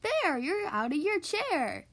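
A woman's voice: high-pitched, big pitch swings, a bit bright, full character voice. A woman voicing a busy male hare who is always off to run a race, in a children's storybook reading. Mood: brisk. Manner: brisk, hurried.

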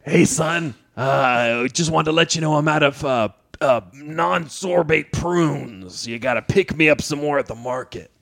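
A man's voice: fairly high pitch, measured pace, gravelly, few pauses, fairly bright tone, dry recording. A man voicing a grumpy old father who complains about his prunes, in a comedy improv scene. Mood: grumbling. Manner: whiny, complaining.

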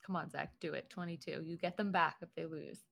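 A woman's voice: sits low, fairly even intonation, fairly quick, creaky. A woman in casual podcast chat, teasing and cheering the others on.

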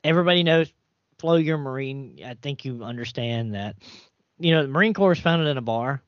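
A man's voice: mid-range voice, expressive, fairly quick, no room sound. A man hosting a podcast in casual chat, rambling and restarting as he tells stories, with some cursing. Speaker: podcast host. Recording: dull, lo-fi, dry podcast audio.

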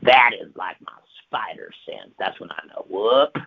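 A man telling a rambling, profane comic tall tale on the radio, swinging from loud outbursts to hushed whispers. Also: sits low, animated, moderate pace, creaky, highs cut off.

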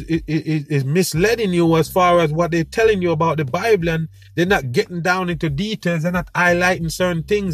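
A man hosting his own show, telling a story in an animated, preachy way with street slang. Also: high voice. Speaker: podcast host. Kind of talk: casual monologue.

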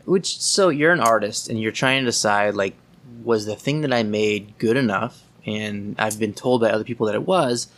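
A man's voice: fairly low pitch, moderate pace, a bit bright. A man hosting a casual podcast chat, blunt and opinionated, asking pointed questions. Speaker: podcast host.

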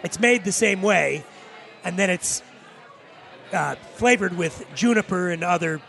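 A man co-hosting a casual podcast chat, animated and laughing as he explains with punchy asides. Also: high voice, unhurried, vocal fry. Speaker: podcast co-host, spirits expert.

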